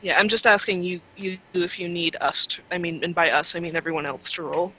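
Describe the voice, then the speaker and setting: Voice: mid-range voice, steady tone, fairly quick, sharp tone, husky, low-quality recording. A tabletop game player chatting casually, stepping in and out of character, prone to giggling and restarting sentences. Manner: giggly, talks in restarts and fillers.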